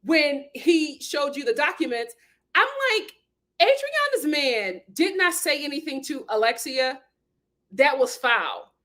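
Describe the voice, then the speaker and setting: Emphatic woman host, high-pitched, chatty reality TV commentary. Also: a little slow. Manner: emphatic, animated, acts out quotes.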